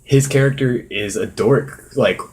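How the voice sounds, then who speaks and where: A man's voice: medium pitch, a little slow, darkish tone. A man in casual podcast chat, laid-back and rambling, swearing freely. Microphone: shared podcast mic, creaking chair.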